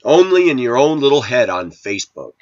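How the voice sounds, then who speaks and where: A man's voice: mid-range voice, big pitch swings, brisk, a little mellow. A middle-aged man with the sniffles, scolding and preaching to his channel's viewers in a combative rant. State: sniffly with a cold. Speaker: video channel host. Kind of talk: ranting to camera. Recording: dull lo-fi sound.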